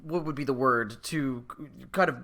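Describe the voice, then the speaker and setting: A man co-hosting a podcast in casual chat, with wry, deadpan asides. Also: medium pitch, normal speed. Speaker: podcast co-host.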